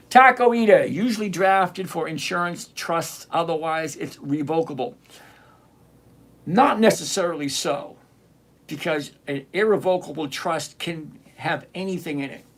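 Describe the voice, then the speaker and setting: A man with a fairly high voice hosts a live trading stream. He reads out viewer names and greets them, teases the ones who slip up, and slows down whenever he explains a calculation. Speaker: livestream trading show host. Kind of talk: live-stream chat answering viewer comments.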